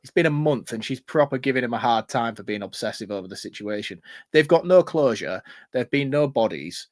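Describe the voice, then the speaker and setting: Blunt man, mid-pitched, dry sound. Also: brisk, no echo. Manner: blunt, expressive, swears freely. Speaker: podcast co-host. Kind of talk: casual film review chat.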